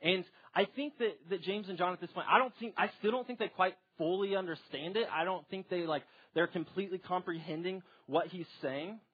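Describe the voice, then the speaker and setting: A young man walks through a Bible passage in a relaxed, conversational way, full of fillers. His voice sits a bit high and slightly husky. The recording is dull and lo-fi. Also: fairly quick, few pauses. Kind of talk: casual Bible teaching.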